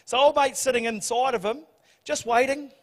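A man preaching a sermon, telling the story in a humorous, animated way. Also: extremely high pitch, moderate pace. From New Zealand. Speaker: pastor. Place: church hall. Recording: church hall reverb.

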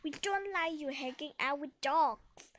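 A woman's voice: high voice, measured pace, a bit bright. A woman voicing a strict father cat in a children's storybook reading.

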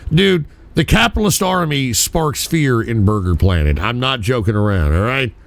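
A man streaming live, reacting to clips with loud, profane outbursts. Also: medium pitch, animated, normal speed, gravelly.

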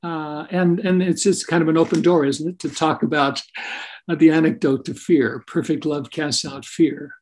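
A man's voice: a little high, steady tone, moderate pace, darkish tone. An older man, a Christian minister, telling personal stories in a podcast interview and often checking in with "right?" and "is that right?". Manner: earnest anecdotal storyteller with frequent "right?" tag questions. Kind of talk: storytelling interview.

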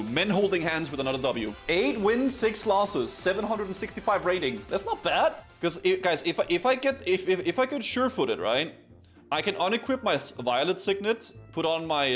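A man streaming a video game match, commenting excitedly with stammered restarts and sudden laughing yelps. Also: fairly high pitch. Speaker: streamer playing arena matches.

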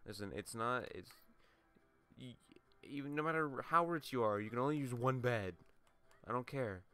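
A man's voice: mid-range voice, normal speed, sharp tone, smooth. A young man casually commentating his video game play, swearing and mocking himself as he goes, with a runny nose. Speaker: let's play gamer.

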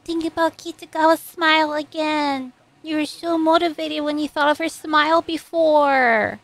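A woman reacting to an anime, talking to the characters on screen and swinging between loud cheering and soft, sympathetic murmurs. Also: high voice, fairly even intonation, normal speed, no room sound. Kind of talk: emotional anime reaction commentary.

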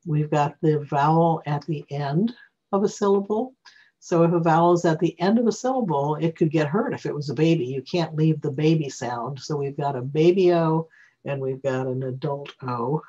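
A teacher explains reading rules while recording their own screen, often pausing to restart or correct a thought. The voice is breathy and husky, sitting at a middling pitch. It comes through a computer mic on a dull, lo-fi recording. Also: warm tone. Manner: explanatory, self-correcting, thinking aloud. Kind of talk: screen-recorded software tutorial.

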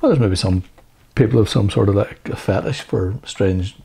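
Man, husky and gravelly, warm low tone, lively teasing co-host. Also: normal speed. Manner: teasing, playful banter with repeated name-calling. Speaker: podcast co-host. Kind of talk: casual chat.

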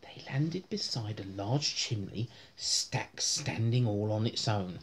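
A woman's voice: extremely low pitch, animated, takes it slowly, slight background noise. A woman reading a bedtime story aloud to her children at home, often breaking into laughter as she reads.

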